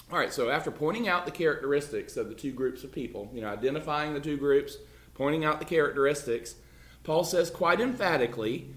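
A man's voice: on the high side, lively intonation, a little fast, a bit bright. A man leading a casual Bible class, talking emphatically with many restarts and "you know" fillers. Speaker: Bible study teacher. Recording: echoey room.

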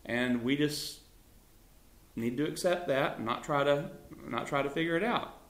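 A man's voice: a little high, normal speed, a bit bright, echoey room. A man leading a Bible study in a conversational teaching style, chuckling often and talking loosely with fillers.

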